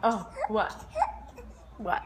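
A woman's voice: very slow, very noisy. A mother filming her baby on a phone camera, talking in cooing, sing-song baby talk with small gasps.

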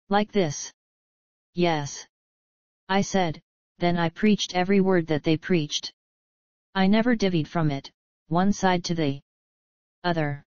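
A man preaching a sermon, earnestly retelling a vision with halting repetitions and acted-out quotes. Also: sits high, no room sound. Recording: dull lo-fi archival sermon tape.

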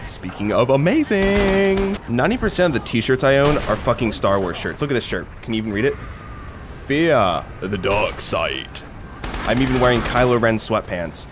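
A young man doing casual, excitable gameplay commentary, rambling, swearing and laughing between remarks. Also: medium pitch, normal speed, music in the background. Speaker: gaming commentator. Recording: noisy with game gunfire behind. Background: gunfire and artillery from the game.

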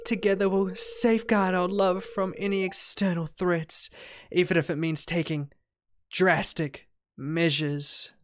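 A possessive, lovesick young village woman from a farming game, her devotion turning sinister, as a woman with a light New Zealand accent reads her lines aloud. She speaks softly and lower than usual, each line slow and heavy with meaning. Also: little pitch movement, lightly acted. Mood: ominous devotion. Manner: soft, low, dramatic reading of game dialogue.

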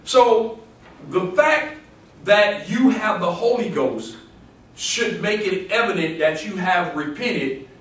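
A high-pitched male preacher delivering a sermon, his voice climbing to emphatic bursts as he quotes scripture. He is heard from a distance in a very echoey church sanctuary. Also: animated, slow pace, a bit bright. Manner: rising to emphatic exclamations, quoting scripture, call-and-response. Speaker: pastor.

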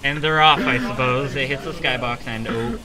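A teenage boy co-commentating a school esports match with dry, teasing banter and halting restarts. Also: medium pitch, steady tone, over music. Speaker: student co-commentator.

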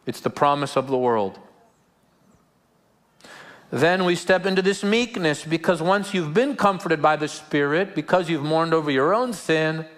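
A man's voice: fairly high pitch, fairly bright tone. A man preaches in church with a slightly raised voice. His delivery is earnest and searching, often repeating a word before landing the point. Light humorous asides break up the sermon. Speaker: pastor. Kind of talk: live sermon. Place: church service before a congregation.

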